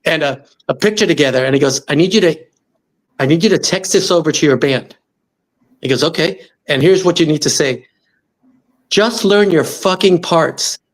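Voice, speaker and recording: Middle-aged male storyteller guest, fairly high voice, lively, slips into quoted voices. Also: brisk. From Los Angeles. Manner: animated, acts out quoted voices. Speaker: musician guest. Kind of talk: storytelling in interview.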